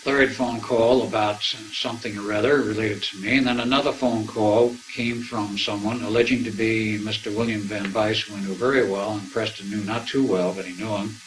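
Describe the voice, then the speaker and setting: A man's voice: on the low side, slight background noise, low-quality recording. An older man telling a long story to an audience, acting out remembered dialogue as he goes. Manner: anecdotal, acts out remembered dialogue. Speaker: speaker recounting his experiences.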